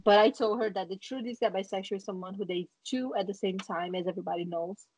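A woman's voice: medium pitch, quick pace, a little mellow, slightly rough, poor audio. A young woman co-hosting a casual chat, teasing her friend with playful, probing questions.

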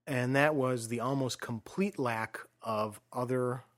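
A man hosting a casual film discussion, explaining his views in a measured way and trailing off softly at the ends of phrases. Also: mid-range voice, fairly even intonation.

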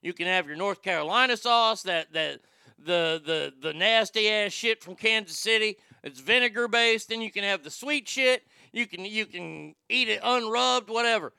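A man's voice: high voice, moderate pace, vocal fry, sharp tone, clear, resonant tone, no echo, studio quality. A middle-aged man, rambling casually and profanely as he reads from a chat. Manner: profane, folksy, rambling with restarts. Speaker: livestream host reading chat.

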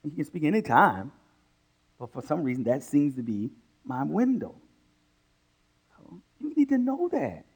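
Animated preacher man, lively pitch. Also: unhurried, pauses often, slightly rough. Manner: animated preaching that swings between loud bursts and hushed asides. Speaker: pastor. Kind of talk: sermon.

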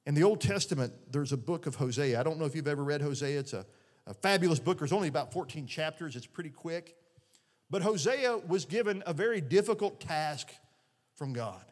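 A man's voice: on the high side, lively intonation, a little fast. Middle-aged male pastor, earnest and conversational, in a big echoing church. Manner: earnest, conversational preaching with many restarts. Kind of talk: sermon. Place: church sanctuary. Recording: long reverb of a large hall.

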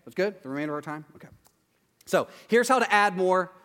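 A male preacher gives a relaxed, talky sermon, his voice sitting a little high for a man. He keeps it animated and casual. A long hall reverb trails each phrase, as if heard in a big sanctuary. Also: a little fast. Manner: chatty, animated, tags lines with "right?".

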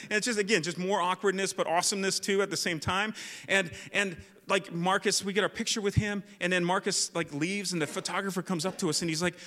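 A man, a youth pastor, telling a lively personal story in a sermon, with lots of likes and restarts. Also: on the high side, brisk. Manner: animated storyteller, many fillers. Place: church hall. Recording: long church reverb.

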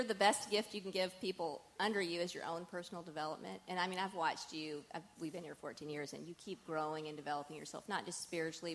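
Low-voiced woman asking questions. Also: slight background noise. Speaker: interviewer.

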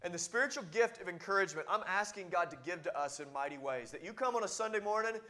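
A man preaching a sermon as pastor, earnest and exhorting, often dropping to a hushed, close tone. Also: high-pitched, fast.

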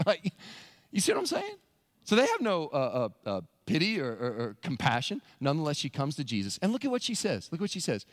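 A man preaching a sermon as pastor, animated, asking rhetorical questions and acting out voices. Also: sits high, fairly quick, dry recording, clean studio sound. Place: church sanctuary.

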